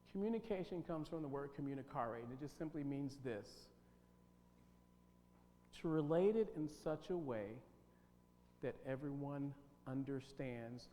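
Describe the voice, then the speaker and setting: A man's voice: mid-range voice, mellow. A man leading a team-building workshop, talking with emphasis and quizzing his audience. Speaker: workshop leader. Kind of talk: interactive workshop talk. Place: church hall. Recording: long hall reverb, faint hum.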